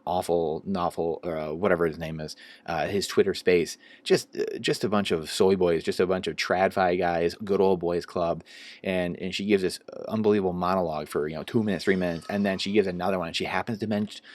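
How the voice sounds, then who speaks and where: A man's voice: low-pitched, no room sound. A man vlogging an indignant rant about money, heated and emphatic. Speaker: investing vlogger. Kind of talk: solo rant to camera.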